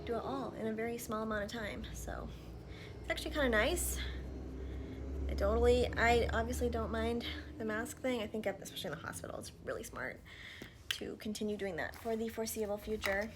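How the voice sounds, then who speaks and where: A woman in her thirties talking casually to camera while doing her makeup at home, chatty with frequent fillers and soft murmured asides, a little out of breath. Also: on the high side, brisk, noisy background. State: slightly out of breath from pregnancy. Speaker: vlogger. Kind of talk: casual get-ready-with-me chat. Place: at home, indoors.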